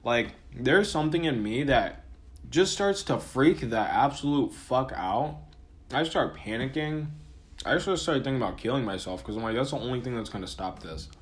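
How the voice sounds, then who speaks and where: A man's voice: medium pitch, lively intonation, moderate pace. A man talking casually in a rambling, profane monologue, full of fillers and restarts, his throat sore and dry from a cold. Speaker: podcast host.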